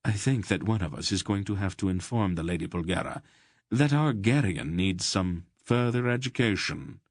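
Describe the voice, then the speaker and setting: Storybook casting: a sly, arch trickster, fairly low and dry, voiced by the narrator. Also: male voice, lively intonation, normal speed, no room sound. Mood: wry.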